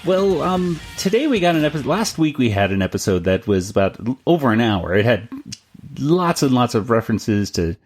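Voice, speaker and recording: A man's voice: medium pitch, very animated, brisk, darkish tone, slightly rough, faint music behind. A man hosting a podcast in casual chat, chatty and laughing often, with frequent restarts. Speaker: podcast host.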